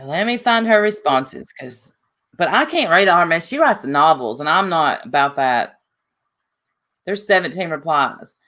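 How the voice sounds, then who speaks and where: A woman hosting a casual livestream, sarcastic and animated, laughing often as she reads comments. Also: deep voice, a little slow. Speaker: livestream host.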